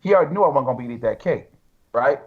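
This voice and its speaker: A man's voice: medium pitch, very fast, breathy edge, narrow, tinny audio. A man telling stories in a casual, slangy way, acting out other people's lines. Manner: animated, slangy, acts out quotes. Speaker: guest bodybuilder. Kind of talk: casual storytelling.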